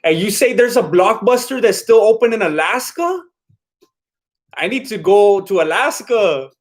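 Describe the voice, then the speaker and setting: A man's voice: high-pitched, animated, a little slow. A man hosting a live stream in casual chat, rambling and laid-back as he reacts to viewer comments. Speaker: livestream host.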